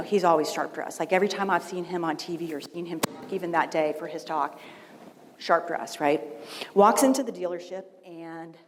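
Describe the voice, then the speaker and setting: A woman speaks from the stage at a conference keynote, telling stories in a chatty way and often asking "right?". Her voice sits a little low. It rings with long reverb in a big hall over a faint background hum. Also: a little mellow. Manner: conversational, storytelling, frequent "right?" asides. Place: large event hall.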